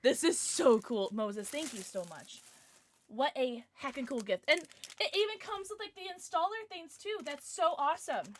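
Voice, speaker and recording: A young woman streamer chatting casually and excitedly to her viewers, now and then cooing at her dog in baby talk. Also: high-pitched, moderate pace, a little hiss or hum. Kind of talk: casual livestream chat.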